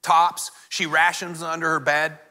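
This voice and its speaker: Man, 40s, pastor, bright and a bit high, acts out the dialogue, long hall reverb. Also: little pitch movement, moderate pace. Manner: storytelling, acts out family dialogue, addresses congregation directly. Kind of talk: sermon with personal story.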